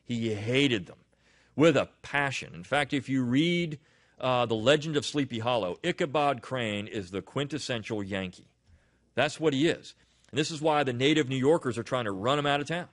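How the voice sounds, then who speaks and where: A man's voice: mid-range voice, moderate pace. A man hosting a weekly review show, talking casually and rambling with restarts and asides. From Delaware. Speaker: podcast host. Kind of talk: casual spoken commentary.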